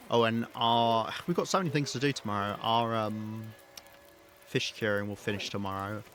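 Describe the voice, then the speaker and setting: Bright-voiced man streaming a game. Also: mid-range voice, slight background noise. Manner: rambling, thinking aloud with hesitations. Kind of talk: live gameplay commentary.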